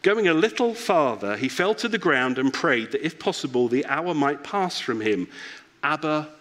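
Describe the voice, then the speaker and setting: A man's voice: fairly high pitch, very animated, normal speed, fairly bright tone. Guy preaching at church, reflective, telling stories about his kids. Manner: reflective, personal storytelling. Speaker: pastor. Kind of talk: sermon.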